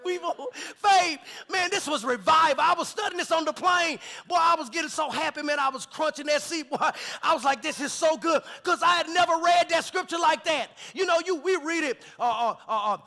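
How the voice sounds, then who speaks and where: Pastor man preaching in church, real high bright voice, jokey then shouting scripture. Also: moderate pace, few pauses. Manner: preaching with call-and-response, rising to shouts; folksy, joking asides with laughter. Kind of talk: sermon. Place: church sanctuary.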